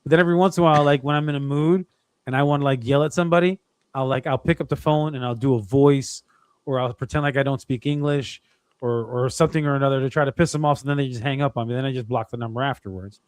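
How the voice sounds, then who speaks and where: A man's voice: mid-range voice, fast, clean tone, no room sound. A man co-hosting a casual podcast, telling profane stories and acting out phone calls. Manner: profane, animated storytelling, acts out calls. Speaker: podcast co-host. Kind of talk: casual chat.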